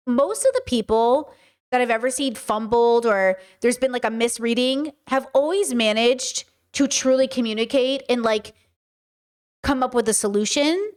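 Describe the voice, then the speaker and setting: A woman's voice: a little high, lively intonation, normal speed. A woman hosting a commentary video, talking frankly and casually, with restarts and rhetorical questions. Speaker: commentary host. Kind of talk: casual commentary reacting to a clip.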